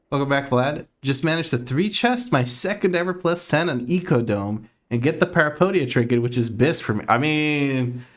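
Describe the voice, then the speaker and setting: A man streaming from home, chatting casually with his audience, laid-back and laughing often as he reads chat aloud. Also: medium pitch.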